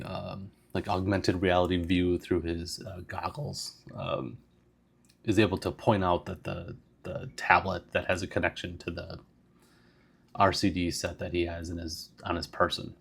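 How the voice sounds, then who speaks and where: A man's voice: deep voice, little pitch movement, a little slow, creaky, slightly rough. A man casually narrating a solo tabletop game, rambling with lots of fillers. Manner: casual, meandering, full of fillers.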